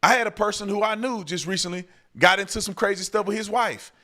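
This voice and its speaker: A man's voice: sits high, quick pace, bright, forceful tone. A man hosting his own show, answering viewer questions and ranting heatedly, often restarting his sentences. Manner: heated, ranting, repeats himself. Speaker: show host. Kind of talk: commentary and viewer Q&A.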